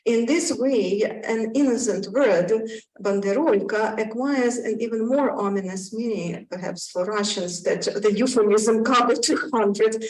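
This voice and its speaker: A woman giving an academic talk on slides, halting with many fillers and restarts. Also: on the high side, recorded from a distance. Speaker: conference panelist. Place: conference room. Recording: roomy hall, speaker off-mic.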